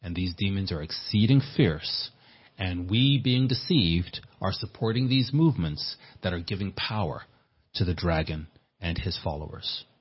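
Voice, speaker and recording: Husky, low-voiced male pastor preaching. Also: expressive, moderate pace. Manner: earnest, repeats words while preaching. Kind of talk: sermon. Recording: dull lo-fi sermon recording.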